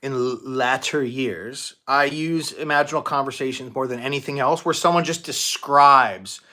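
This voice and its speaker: Bright-voiced man hosting a casual livestream. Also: mid-range voice, normal speed. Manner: casual, chatty, many restarts and fillers; thanks donors with bursts of excitement. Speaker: manifestation coach and livestream host. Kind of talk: live-stream Q&A, answering viewer questions.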